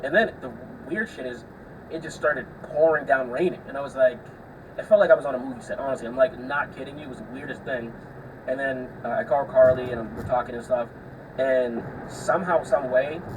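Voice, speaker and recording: Young man, podcast host, rambling and profane, distant mic, faint air-conditioner hum. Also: mid-range voice. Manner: profane, rambling storyteller with frequent filler words. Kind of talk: casual solo storytelling.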